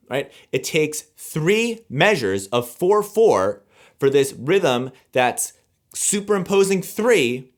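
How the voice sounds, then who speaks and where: A man's voice: on the high side, takes it slowly. Man teaching rhythm, scat-singing beats. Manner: scat-sings rhythms, counts aloud; relaxed, conversational explaining. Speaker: music teacher. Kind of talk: explaining rhythm to camera.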